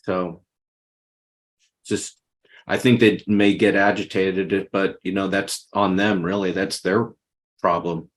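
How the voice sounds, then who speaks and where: A man's voice: sits low, little pitch movement, takes it slowly, long pauses. A man on a group video call who speaks bluntly and matter-of-factly. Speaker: call participant. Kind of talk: casual group discussion.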